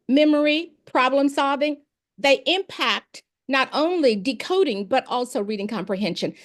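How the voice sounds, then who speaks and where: A woman, a former principal and education expert, telling classroom stories in an informal interview and acting out the dialogue. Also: sits high. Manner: animated, acts out dialogue in her anecdotes.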